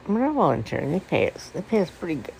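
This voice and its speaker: A man in a casual venting monologue, rambling and swearing, swinging between hushed mutters and angry outbursts. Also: high-pitched, very animated, quick pace, gravelly. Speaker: vlogger. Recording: noisy background.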